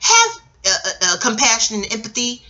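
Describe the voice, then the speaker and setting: A woman's voice: fairly high pitch, sing-song, normal speed, bright, forceful tone, dull audio. A middle-aged American woman vlogging in a scattered, rambling way, jumping between tangents and swearing freely. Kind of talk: casual rambling commentary.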